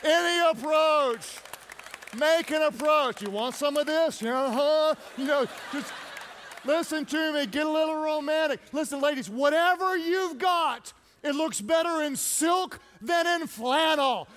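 A man's voice: very high voice, unhurried, a bit bright, a faint crowd, a little hiss or hum. A man preaching a playful sermon, joking and calling for responses from the congregation. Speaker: pastor.

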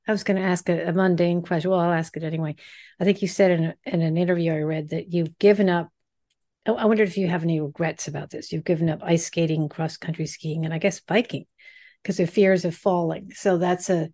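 A woman host asks her guest curious questions, restarting her phrasing with care. Her voice is fairly low in pitch. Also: fairly even intonation, brisk, warm tone. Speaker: podcast host. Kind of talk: interview conversation.

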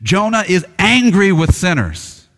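A man's voice: high-pitched, sing-song, measured pace, fairly bright tone. A male pastor preaching an emphatic, repetitive sermon with frequent restarts. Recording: long church reverb, level drops far from mic.

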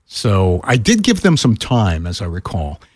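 At a measured pace, a retired broadcaster in his later years recounts a story during a relaxed podcast conversation. The studio-quality audio has no echo, and he animatedly voices the quoted characters with sudden pitch shifts.

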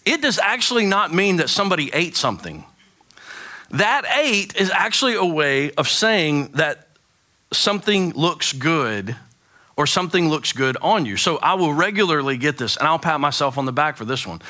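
Bright-voiced pastor preaching with humor. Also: male voice, a little high. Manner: animated, joking storyteller. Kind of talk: sermon. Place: church sanctuary.

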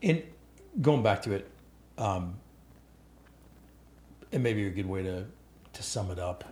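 A man with a lowish voice speaks earnestly, pressing his advice home by repeating it. He talks as a pastor in a relaxed two-person conversation, with a faint hiss underneath. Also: takes it slowly, roomy sound. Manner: earnest, exhorting, repeats warnings. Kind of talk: casual conversation.

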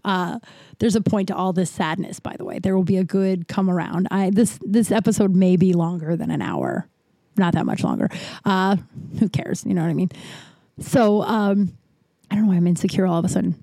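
Mellow-voiced woman, frank profane storyteller. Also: fairly low pitch, animated, dry recording. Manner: frank and profane, halting with restarts. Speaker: podcast host. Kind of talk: candid storytelling monologue.

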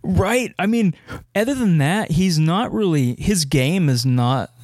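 A man's voice: high voice, animated, unhurried, a little mellow, no echo. Chill american guy chatting about a movie, lots of ums, dry close sound. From United States. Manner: easygoing, laughs often, many ums. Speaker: podcast co-host. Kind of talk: casual movie chat.

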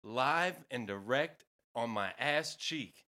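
A man's voice: mid-range voice, animated, takes it slowly, pushed and bright. A man co-hosting a casual sports podcast, telling a story with lots of cursing and laughter. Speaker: podcast co-host.

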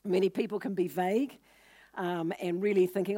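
Woman preacher, mid-pitched voice, earnest sermon delivery, acts out quoted people. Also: fairly even intonation, moderate pace, dark tone. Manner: earnest, teaching with scripture stories.

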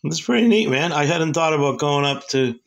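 A man hosts a casual interview with a fairly high voice and a gravelly edge. His questions are upbeat and rambling, and he stumbles and restarts often. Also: lively intonation, brisk. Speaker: host.

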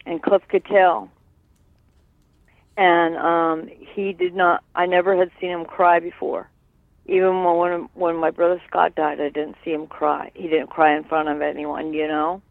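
A man's voice: a little high, flat delivery, unhurried, vocal fry, dry recording. A man recalling old memories in an interview, rambling with many fillers and tagging on "right?". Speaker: guest. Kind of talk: reminiscing interview. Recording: tinny phone line.

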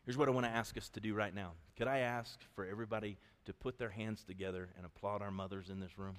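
Folksy middle-aged pastor in a reverberant church. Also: male voice, fairly low pitch, fast. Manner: animated, folksy, swings from loud storytelling to soft earnest appeal. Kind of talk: sermon with storytelling. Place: church sanctuary. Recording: long reverb of a church hall.

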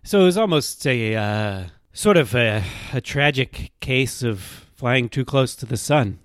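Playful comedy podcast man, animated up-and-down voice, dry close mic. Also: mid-range voice, measured pace, no room sound. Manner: playful, often laughing. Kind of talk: improvised comedy banter.

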